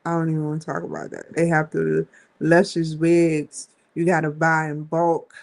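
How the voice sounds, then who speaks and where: A woman's voice: deep voice, little pitch movement, normal speed, gravelly, a little mellow. A woman hosting a casual live stream, rambling and slangy, often giggling as she talks. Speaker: host.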